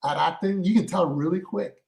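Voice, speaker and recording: High-voiced man explaining acting. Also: fairly quick, creaky, darkish tone, rough recording. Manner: explains at length with many restarts. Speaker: podcast co-host and actor. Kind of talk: casual chat.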